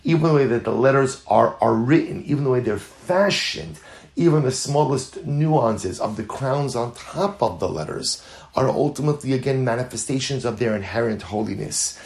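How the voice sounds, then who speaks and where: An earnest man teaching a Talmud class, with a voice of middle pitch. He weaves Hebrew and Yiddish terms into his explanations. He drives his points home by repeating phrases, sometimes rising into lively, louder passages. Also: moderate pace, creaky. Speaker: Torah teacher.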